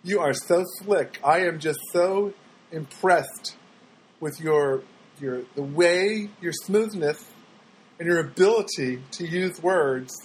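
A man's voice: fairly high pitch, takes it slowly, rough recording. A man voicing a woman gushing over a suitor, in a mocking, syrupy way.

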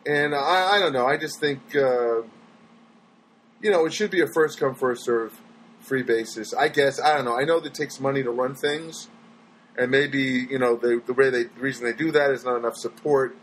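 A man's voice: medium pitch, moderate pace, a little hiss or hum, poor audio. A man talking casually on his own as a stand-up comedian, rambling and chatty, often trailing off and restarting his sentences. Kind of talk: casual solo monologue.

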